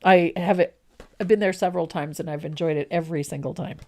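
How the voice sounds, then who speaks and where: A painting teacher hosts her show, chatting with enthusiasm before walking through a brush demonstration. She speaks fast in a fairly low, mellow voice.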